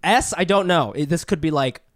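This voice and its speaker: A man trades casual banter on a podcast, reading listener names aloud with a playful, laugh-prone delivery. His pitch leaps around animatedly, a little higher than most men's. The sound is dry and close, with no room echo. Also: expressive, a little fast. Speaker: podcast co-host.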